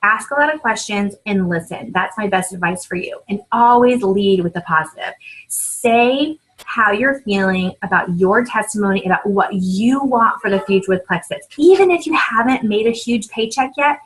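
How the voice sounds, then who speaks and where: A woman in her thirties giving an upbeat coaching talk to new sellers, with frequent "right?" and "um", acting out sample sales pitches. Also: animated, moderate pace, low-quality recording. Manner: upbeat, repeats points with "right?" and "um". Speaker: team leader training new sellers.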